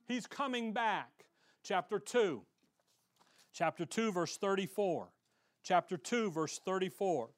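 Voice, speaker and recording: High-voiced energetic male preacher. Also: slow. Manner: energetic preaching with scripture reading, swings between loud and quiet. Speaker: pastor. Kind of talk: sermon. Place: church.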